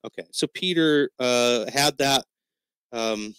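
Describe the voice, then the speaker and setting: A man's voice: mid-range voice, takes it slowly, fairly bright tone, clean tone, no room sound. A man co-hosting a podcast, talking casually and animatedly about a comic book, rambling and swearing now and then. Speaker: podcast co-host.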